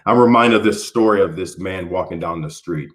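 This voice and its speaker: A man from Houston, Texas, giving a motivational keynote speech, building through repeated phrases and moving from hushed to forceful. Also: deep voice, a little fast. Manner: preacher-like build-ups, repeating phrases and swinging from soft to forceful. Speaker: motivational speaker.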